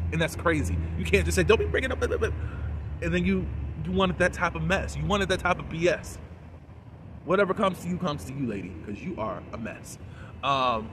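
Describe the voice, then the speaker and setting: A man giving a casual, animated recap and review of a TV episode, full of fillers and quoted lines. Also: fairly high pitch, normal speed, noisy background.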